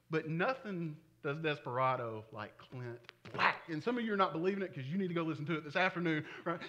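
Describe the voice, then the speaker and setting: High, forceful pastor. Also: male voice, brisk, few pauses. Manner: conversational, animated preaching with frequent chuckles. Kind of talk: sermon.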